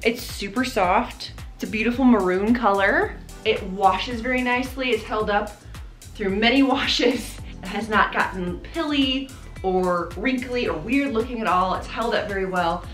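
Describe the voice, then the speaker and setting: In this casual try-on haul, a fashion vlogger in her thirties talks clothes with a bubbly energy and frequent laughter. She speaks a little slowly in a mid-range voice with a fairly bright tone. Faint background music plays in an echoey room.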